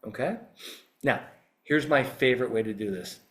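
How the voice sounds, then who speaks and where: Animated man teaching on a podcast. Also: mid-range voice, moderate pace. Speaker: litigation psychologist and podcast host. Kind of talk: instructional podcast talk.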